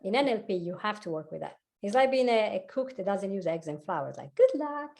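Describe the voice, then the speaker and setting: Italian lady coach chatting quick, voice bouncing all over, laughs a lot. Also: mid-range voice, gravelly. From Italy. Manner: fast, animated, laughs often. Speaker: guest, hypnotherapist and life coach. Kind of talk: casual chat.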